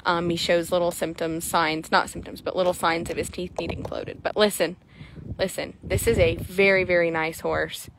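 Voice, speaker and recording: A woman, chatting excitably to viewers while showing a horse for sale in an arena. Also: on the low side, normal speed, gravelly, background noise. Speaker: horse seller. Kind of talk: casual sales chat while riding.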